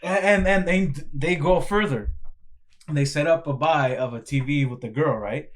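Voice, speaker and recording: A man's voice: fairly high pitch, normal speed. Rambling young man recounting a video. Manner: rambling retelling, lots of "like" and restarts. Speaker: podcast co-host. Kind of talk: casual chat.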